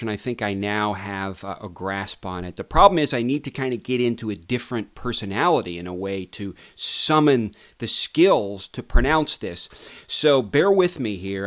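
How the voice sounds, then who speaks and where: A man's voice: fairly low pitch, a bit bright. A man hosting his own tennis video show, talking straight to viewers in a playful, theatrical way. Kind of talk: casual tennis commentary vlog.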